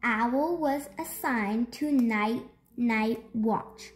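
A woman hosting a storytime, reading a children's picture book aloud in an expressive, slow storytelling manner. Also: a little high, soft background music. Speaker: storytime host.

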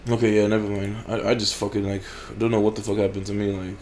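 A man's voice: lowish voice, flat delivery, fast, a little mellow, slight background noise. A man hosting a gaming channel, giving casual gameplay commentary in a blunt, heavily profane way. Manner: profane, blunt, frequent swearing.

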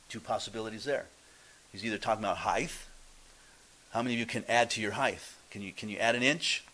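A man preaching a sermon as pastor, emphatic, swinging between loud declarations and quiet asides. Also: lowish voice, slight background noise, poor audio. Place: church sanctuary.

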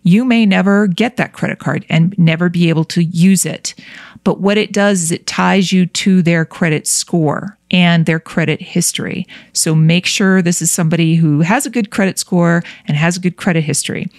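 Frank low-voiced woman with a New England accent. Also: moderate pace, dry recording, clean studio sound. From New Hampshire. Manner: frank and chatty, gives practical advice. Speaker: podcast host. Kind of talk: interview chat and advice talk.

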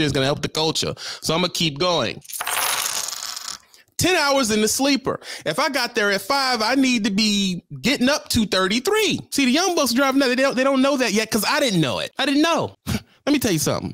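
Lively middle-aged male trucker storyteller. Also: high-pitched, dry recording, clean studio sound. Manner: animated, slangy, chatty, talks straight to viewers. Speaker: truck driver telling a story. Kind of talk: comic storytime vlog.

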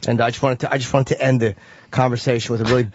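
A man's voice: medium pitch, flat delivery, rapid-fire, dull audio, slight background noise. A man co-hosting a radio show, talking in a rambling, crude, self-mocking way. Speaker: radio co-host. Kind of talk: casual radio chat.

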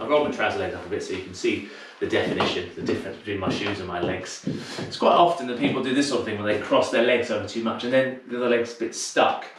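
Man, dance teacher, counting steps aloud, slightly out of breath, far from the mic, echoey room, background noise. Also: medium pitch. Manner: counts steps aloud in rhythm, chatty explanations between. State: a little out of breath. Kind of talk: teaching a live online dance class.

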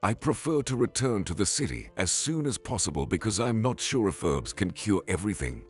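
A man's voice: on the low side, big pitch swings, a little fast, faint music behind. A man voicing a wary, stubborn young pregnant woman who speaks firmly and with growing irritation. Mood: insistent. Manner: firm, increasingly irritated.

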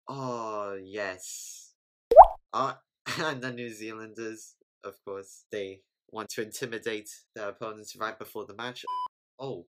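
A host with a mid-range voice gives casual, excitable reaction commentary on sports clips, often repeating exclamations.

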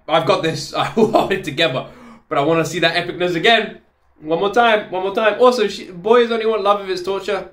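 A woman hosting a reaction video from her home office, talking casually and excitedly, exclaiming and laughing often. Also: lowish voice, fast talker.

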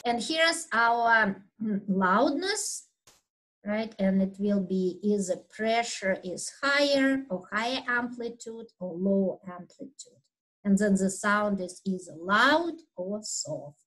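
A woman instructor giving a recorded anatomy lecture over slides, speaking loudly in an unhurried, explanatory way with fillers and throat clearing. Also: mid-range voice, expressive, rough recording. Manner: talks loudly by habit.

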